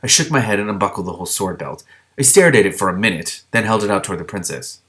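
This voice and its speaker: A man with a low voice reads a fantasy novel aloud, stepping out now and then to add his own remarks. His delivery is steady, with small stumbles that he fixes as he goes. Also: quick pace. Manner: steady reading with small slips and self-corrections. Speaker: book reader. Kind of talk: reading a novel aloud with commentary.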